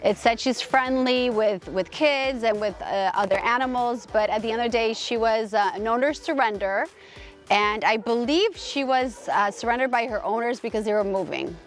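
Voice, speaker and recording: A woman's voice: on the high side, normal speed, faint music behind. A woman host telling a personal story in a casual, rambling way, emphatic and gushing, with many restarts. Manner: rambling, full of restarts and fillers.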